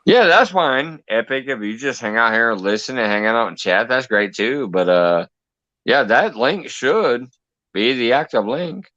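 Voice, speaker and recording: A man's voice: medium pitch, animated, measured pace, a bit bright, dry recording, highs cut off. A man hosting a casual live-stream chat, talking his viewers through each step as he sets things up. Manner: chatty, talks through each step while fixing links. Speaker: livestream host.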